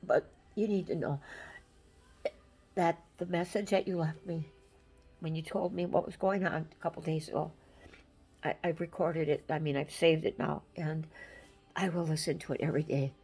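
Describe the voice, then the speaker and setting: Older woman, low dark husky voice, halting and close to tears, personal farewell. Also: fairly even intonation, poor audio. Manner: halting, tearful, many ums and restarts. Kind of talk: emotional personal farewell message.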